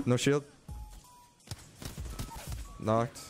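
A young man giving live commentary on his own gameplay as a streamer, excitable and swearing, swinging from low mutters to yelling. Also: normal speed, soft background music.

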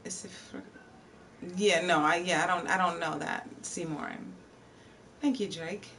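A woman's voice: lowish voice, measured pace, fairly bright tone, recorded from a distance, a little hiss or hum. A woman live streamer chatting casually and answering her viewers' chat messages. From Virginia, USA. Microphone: streaming setup.

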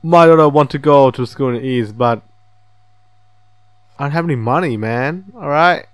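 Here the gaming channel host's medium-pitched voice comes through clean, with no echo, at a moderate pace. He keeps the let's-play casual and chatty, reading game text aloud and reacting with frequent laughs and swearing.

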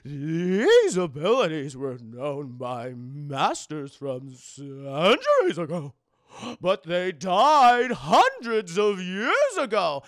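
A man voicing a stern old female martial arts master, slow and loud. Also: high voice, wildly swooping pitch, no echo, clean studio sound, exaggerated voice. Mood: solemn.

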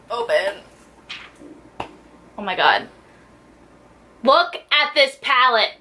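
Young woman, beauty vlogger, gushing, excitable, fairly high voice, bright tone. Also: moderate pace, pauses often. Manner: gushing, excitable, fillers of "like" and "oh my god". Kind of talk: casual unboxing chat.

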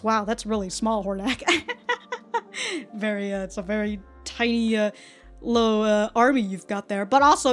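A woman with a fairly high voice hosts a reaction video and talks loosely about the episode. She is chatty and animated, breaking into laughs and swearing as she goes. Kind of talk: casual commentary.

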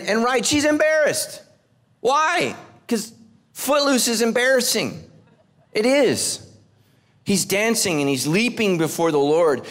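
High-voiced joking male pastor. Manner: joking asides while reading scripture. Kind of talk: humorous sermon. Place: church service before a live congregation.

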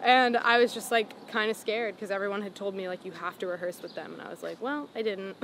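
Out on a city sidewalk with traffic noise in the background, a singer-songwriter from Los Angeles in her twenties recounts a story for a casual interview. Her mid-range voice is fairly quick and fairly bright, and she's chatty, full of "like" fillers and frequent laughter.

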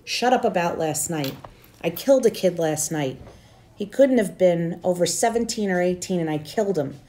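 A shaken, quiet teenage boy from a storybook reading, soft and troubled, read in a woman's own low, mellow voice. He speaks gently and without bluster. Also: expressive, moderate pace, slight background noise, natural voice. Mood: distraught. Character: frightened, quiet teenage boy gang member.

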